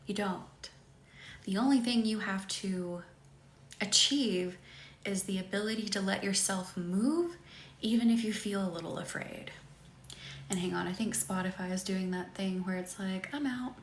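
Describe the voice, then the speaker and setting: A woman in her thirties hosting a live-streamed healing session, leading affirmations and stopping often to greet viewers in the chat. Her manner is gentle and chatty. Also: mid-range voice, steady tone, a little slow, slight background noise. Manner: gentle, chatty, often breaking off to read comments. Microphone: computer mic on a live stream. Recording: echoey room with faint music.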